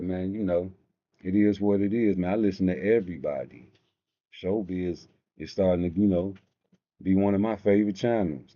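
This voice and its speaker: A man's voice: low-pitched, mellow. A man hosting a live stream, rambling through profane stories in a casual rant. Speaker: live show host. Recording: dull lo-fi stream audio.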